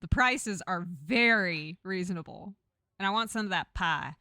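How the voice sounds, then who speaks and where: A woman's voice: lowish voice, moderate pace, sharp tone, no echo, studio quality. A woman from Texas streaming a story game, chatting with viewers in jokey asides between reading lines aloud.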